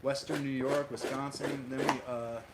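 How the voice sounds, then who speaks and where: A man from Minnesota hosts a relaxed livestream in a mid-range voice, talking loosely and circling back on himself as he answers his viewers. Loud background noise and clicking run under his voice throughout. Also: mid-range voice, moderate pace. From Minnesota, USA. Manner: rambling, answers chat aloud, many fillers and restarts. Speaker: livestream host. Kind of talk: casual livestream chat with viewers.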